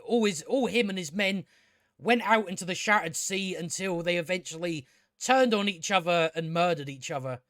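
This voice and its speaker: A man's voice: sits high, moderate pace, fairly bright tone, no room sound, clean studio sound. A man reviewing a TV episode in a rambling casual recap, sarcastic and profane, stumbling over restarts. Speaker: video reviewer.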